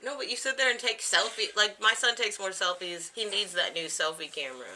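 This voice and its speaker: A woman's voice: mid-range voice, fairly quick, sharp tone. A woman in her thirties chatting casually to camera at home, rambling from one thing to the next and laughing often. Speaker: vlogger. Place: home, indoors.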